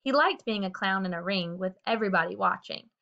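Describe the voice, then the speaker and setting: A woman narrating a children's book aloud with a steady, expressive reading. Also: medium pitch, a little fast, gravelly. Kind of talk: storybook read-aloud. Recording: dull lo-fi recording.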